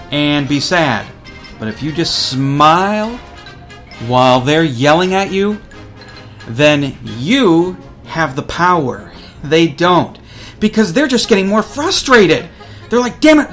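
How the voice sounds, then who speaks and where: A man's voice: on the high side, fairly bright tone. A man hosting a college radio show, telling a story casually and acting out other people's lines.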